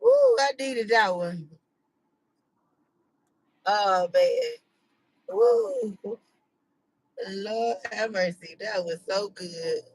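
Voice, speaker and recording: A woman's voice: mid-range voice, huge pitch swings, extremely slow, pauses often, darkish tone, low-quality recording. A woman, hosting a casual livestream chat from home, laughing heartily and teasing playfully. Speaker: channel host.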